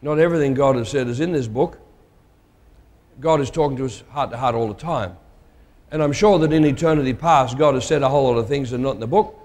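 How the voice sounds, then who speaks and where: A man's voice: medium pitch, quick pace, darkish tone. A man preaching a sermon in a conversational, emphatic way, putting questions to his listeners. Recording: long hall reverb.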